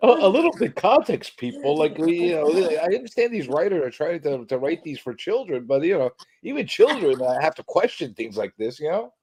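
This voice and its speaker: Male co-host, husky, lively pitch, jokey banter. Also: a little fast, hardly any pauses. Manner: animated, joking, exclamatory. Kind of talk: casual chat.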